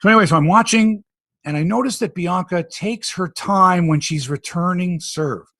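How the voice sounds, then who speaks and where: A Canadian man hosting a casual sports podcast, telling stories with animated tangents. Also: high voice, normal speed, no echo. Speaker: podcast host.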